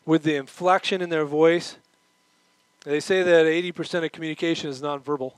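A middle-aged man preaching a sermon, animated, acting out the voices he quotes. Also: on the high side, fairly quick, smooth, no echo, poor audio. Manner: moves around while preaching. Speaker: pastor.

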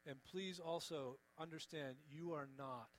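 A man preaching a sermon in an earnest, gentle, pleading way, often dropping soft on key words. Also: on the high side, a little slow, rough recording. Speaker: pastor.

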